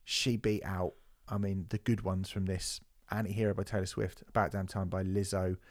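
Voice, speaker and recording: A man's voice: low voice, level tone, normal speed. A man co-hosting a podcast, ranting and swearing in casual chat. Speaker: podcast co-host.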